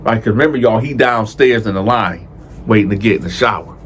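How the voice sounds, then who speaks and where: A man telling a true prison story in casual storytime style, speaking slangy and addressing viewers directly, jumping his pitch up to act out the people he quotes. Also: fairly quick, a little hiss or hum. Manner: animated, acts out quoted dialogue with raised pitch.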